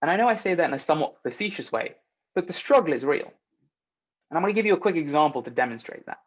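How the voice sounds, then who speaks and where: A man's voice: fairly high pitch, lively intonation, fast, highs cut off. A man giving a conference talk, speaking in an earnest, persuasive way with rhetorical asides.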